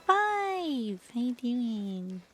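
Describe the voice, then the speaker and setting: A woman's voice: on the high side, sing-song, very slow, soft background music. A woman streaming as a VTuber, chatting casually and playfully with her viewers in a teasing, talkative way.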